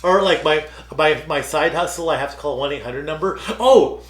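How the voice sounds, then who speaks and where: A slightly high-voiced man co-hosts a loose, casual chat show. He rambles through his stories, leaning on "like" and "dude". The room gives his voice a noticeable echo. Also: fairly quick. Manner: rambling storyteller, lots of "like" and "dude". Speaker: podcast co-host. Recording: roomy echo.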